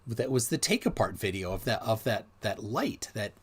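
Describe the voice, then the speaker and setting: A middle-aged man hosting a livestream, talking casually in a rambling, animated way with many restarts. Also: on the low side, moderate pace, slightly rough. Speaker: livestream host.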